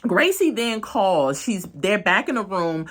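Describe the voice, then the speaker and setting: A woman giving casual, expressive commentary on a reality show, with sharp swings in pitch for emphasis. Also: unhurried.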